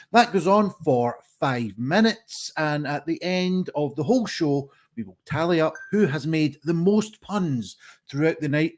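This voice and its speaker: A man hosting a live online pun contest over a video call, chatty and rambling with many fillers. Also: fairly high pitch. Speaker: host. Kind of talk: casual live stream hosting.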